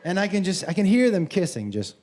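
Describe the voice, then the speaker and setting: Loud, profane stand-up comic man. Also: high voice, sing-song, a little fast, slight background noise. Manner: loud, profane storytelling with bursts of shouting. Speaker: stand-up comedian. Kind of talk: stand-up comedy set. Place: comedy club stage before a laughing audience. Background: audience laughter and room ambience.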